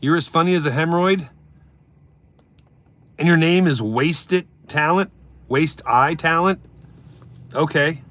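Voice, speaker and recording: A brash male streamer on a comedic rant who mocks his chat and swears freely. His voice sits a bit high. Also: slow pace, pauses often, fairly bright tone. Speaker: live streamer.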